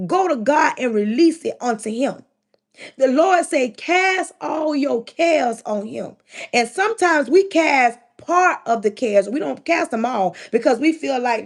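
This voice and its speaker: A middle-aged woman speaks on a livestream in a preaching manner, her voice sitting a little higher than most. She hammers home each point with repetition and addresses the listener directly. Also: expressive, a little slow. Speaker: livestream host giving spiritual advice. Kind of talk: preaching-style livestream talk.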